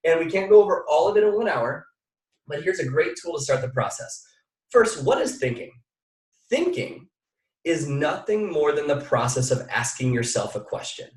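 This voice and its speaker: A young man delivers a motivational training talk in a fairly high voice, pushing his points with emphatic repetition and direct questions to his listeners. He sounds set back from the mic, and the room throws plenty of echo around him. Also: normal speed. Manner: energetic, emphatic, repeats phrases, addresses audience directly. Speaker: motivational speaker. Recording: echoey room, mic at a distance.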